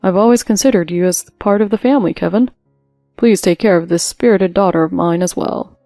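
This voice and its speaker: A woman doing a raspy, protective father. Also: a little fast, dry recording. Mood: warm. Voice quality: low and raspy. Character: gruff, protective widowed father, a baker. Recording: dry with soft music behind.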